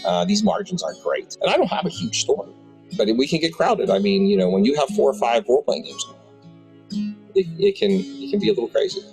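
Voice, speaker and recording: A man's voice: fairly high pitch, expressive, a little fast, gravelly, darkish tone, faint music behind, low-quality recording. A man in his fifties who owns a tabletop game shop, telling rambling anecdotes with many restarts in an interview. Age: 50s. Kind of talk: storytelling interview.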